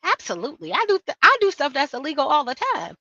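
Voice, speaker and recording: A woman's voice: high voice, sing-song, quick pace, pushed and bright, no echo. A woman panelist on a live stream, sassy and teasing, with emphatic slang, heard over dull lo-fi call audio. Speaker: regular panelist. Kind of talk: casual live-stream chat.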